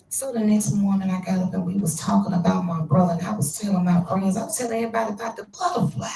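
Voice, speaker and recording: Hushed, echoey woman telling a story. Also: vocal fry, distant mic, a little hiss or hum. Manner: quotes family members with shifts in pitch and hushed asides. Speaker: channel host. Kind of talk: personal storytelling to viewers. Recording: echoey room, voice a bit off-mic.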